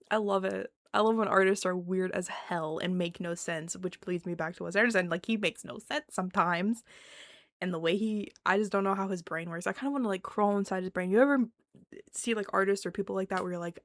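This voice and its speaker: A young woman talks straight into the mic in an excitable, profane vlog rant. She laughs often and breaks into whispered asides. The sound is dry and close, with no room around it. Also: medium pitch, brisk, no room sound. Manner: animated, swearing, laughing, swings between loud and whispered asides. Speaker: vlogger. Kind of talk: casual ranting monologue.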